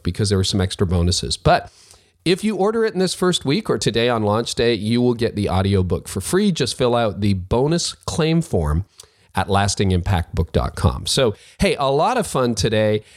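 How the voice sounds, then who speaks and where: Brief: low-pitched male podcast host, upbeat and chatty, easy conversational read. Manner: upbeat, chatty, quick asides. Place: office studio at a lakeside retreat.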